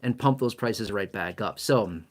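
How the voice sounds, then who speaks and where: A man's voice: lowish voice, a little slow. A man giving casual money commentary to camera, emphatic and self-mocking, stacking up repeated words for stress. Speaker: finance commentator.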